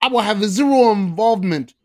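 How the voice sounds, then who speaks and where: A man's voice: high-pitched, animated, fairly quick, darkish tone, pitched above the performer's own voice. A man putting on a smug, dismissive male athlete, reading his message aloud in a mock Canadian accent that tacks on "eh".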